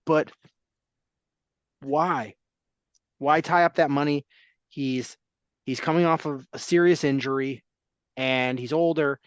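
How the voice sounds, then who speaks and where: A man's voice: medium pitch, unhurried, pauses often, dry recording, dull audio. A man hosting a casual sports talk podcast, rambling and restarting his sentences. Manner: rambling, self-interrupting, laughs easily.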